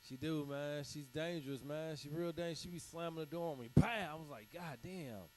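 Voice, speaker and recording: A man's voice: on the high side, steady tone, fast talker, slight background noise, low-quality recording. Slangy stand-up comic man. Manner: loose storytelling with slang, punchy sound effects. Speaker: stand-up comedian. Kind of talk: stand-up set.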